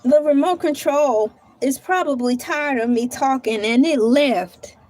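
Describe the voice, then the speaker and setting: A woman with a high voice chats slowly and loosely on a live stream from home. She thanks viewers and talks to herself aloud as she types and hunts for things on her table. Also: darkish tone. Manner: chatty, talks to herself while searching and typing. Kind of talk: casual live-stream chat.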